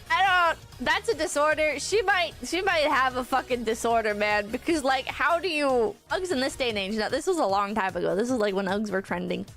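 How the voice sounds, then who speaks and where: A woman's voice: sits high, fairly bright tone. A young woman streamer chatting frankly and at length, swearing often and filling her talk with "like". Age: young adult. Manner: rambling, frank, swears often, many fillers. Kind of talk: casual stream chat.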